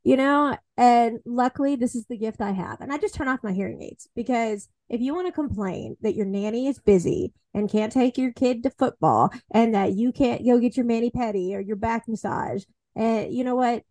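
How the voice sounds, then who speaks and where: A woman's voice: on the high side, moderate pace, few pauses, darkish tone, no room sound. A woman hosting a podcast, telling candid stories in a wry, casual way. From Southern United States. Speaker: podcast host. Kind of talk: casual conversational interview.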